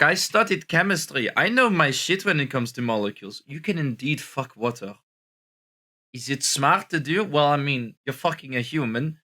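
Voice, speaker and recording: A man's voice: mid-range voice, bright, forceful tone. A young man doing comedic reaction commentary as a streamer in a put-on French accent that slips toward American, sounding tired and exaggerated, with stammering restarts and crude asides. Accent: put-on French accent, slipping toward American.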